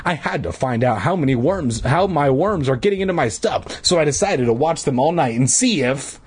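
A pleading boy with a thin, lifted voice, put on by a man reading a story aloud. He jumps around in pitch and his tone stays a bit husky under the whine. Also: animated, moderate pace. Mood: protesting. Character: whiny boy who keeps worms.

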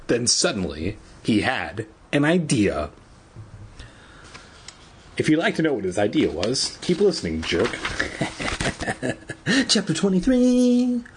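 A man's voice: lowish voice, sing-song, unhurried, pauses often, slight background noise. A man reading a storybook aloud at home, with irreverent, swearing asides. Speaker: reader.

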